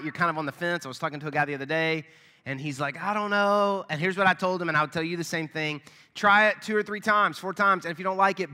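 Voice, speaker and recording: Brief: thirties male pastor, bright forceful tone, friendly joking patter, church hall reverb. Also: fairly high pitch. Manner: friendly, joking, chatty with fillers. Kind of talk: casual church welcome and announcements. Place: church sanctuary.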